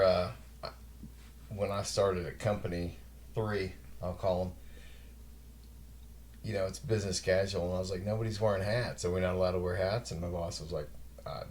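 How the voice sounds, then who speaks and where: Very deep-voiced man podcast host. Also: a little hiss or hum. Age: 40s. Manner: relaxed, rambling anecdotes with mild swearing. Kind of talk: casual chat.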